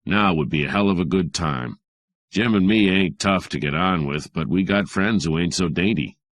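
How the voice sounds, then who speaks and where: A man voicing a big, gruff police detective who bullies in tough slang, with a low voice. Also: moderate pace, dry recording, studio quality, natural voice. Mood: menacing.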